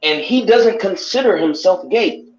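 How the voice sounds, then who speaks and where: A man's voice: sits high, expressive, unhurried, very noisy. A man hosting a casual chat, earnestly pressing his point on a video call. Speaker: host. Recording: muffled, roomy.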